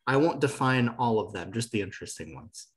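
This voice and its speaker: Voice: mid-range voice, lively intonation, fairly quick. Patient online Hebrew teacher. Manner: patient, encouraging corrections. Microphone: video call.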